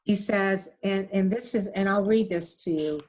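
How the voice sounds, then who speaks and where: Earnest woman gently relaying messages. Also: medium pitch, moderate pace. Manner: earnest, gentle, relays words with many "he says". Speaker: medium. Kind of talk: casual chat, relaying messages.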